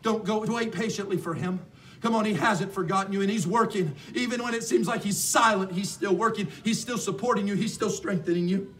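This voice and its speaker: Fervent high-voiced male preacher. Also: brisk. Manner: fervent, repetitive, rising to shouts. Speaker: pastor. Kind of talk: sermon. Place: church sanctuary. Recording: distant mic with faint background noise.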